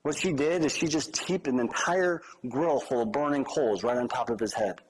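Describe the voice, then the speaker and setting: A man's voice: mid-range voice, moderate pace, low-quality recording. A male pastor giving a conversational sermon with humorous asides.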